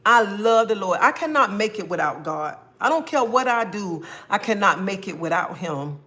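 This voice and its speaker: A woman's voice: medium pitch, lively intonation, normal speed, pushed and bright. A woman hosting her own livestream, greeting viewers by name and talking casually about faith and her life. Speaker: livestream host.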